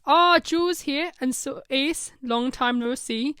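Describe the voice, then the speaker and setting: A woman's voice: sits high, slow, sharp tone, no echo, clean studio sound, heavily acted. A woman voicing a cheerful time-travelling heroine with a Northern English accent, chatty and upbeat.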